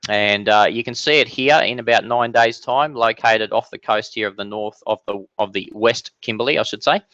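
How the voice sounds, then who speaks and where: A man's voice: lowish voice, moderate pace, fairly bright tone, no echo, muffled recording. A man hosting a casual live-stream Q&A from his home office, chatty and upbeat with many fillers and restarts. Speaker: weather channel host answering viewer questions.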